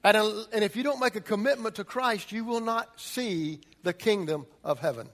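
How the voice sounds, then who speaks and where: A man preaching a sermon as pastor, emphatic, swinging from loud urgency to quiet intensity. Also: high voice, normal speed, long reverb tail.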